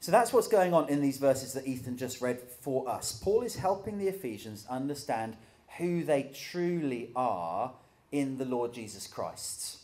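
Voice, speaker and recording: A man's voice: mid-range voice, very animated, unhurried, darkish tone. A middle-aged man preaching a sermon in a conversational way, with dry humor.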